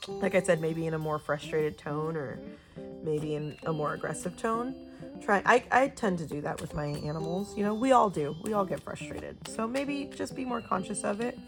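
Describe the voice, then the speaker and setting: A young woman giving a casual, chatty tarot reading to camera, gushing and talking with lively swings in pitch. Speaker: tarot reader. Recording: soft guitar music behind.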